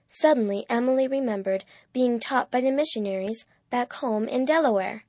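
Fairly high, dry-voiced woman storyteller. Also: moderate pace, few pauses, a little mellow, no room sound. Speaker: narrator. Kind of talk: storybook reading.

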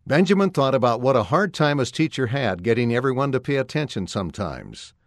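A man reading a children's story aloud in a clear, expressive storytelling voice. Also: mid-range voice, brisk, dry recording, clean studio sound. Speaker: narrator.

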